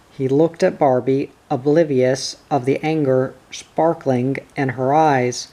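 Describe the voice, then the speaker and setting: A reader narrating a novel aloud in a steady, unhurried manner. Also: mid-range voice. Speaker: audiobook reader.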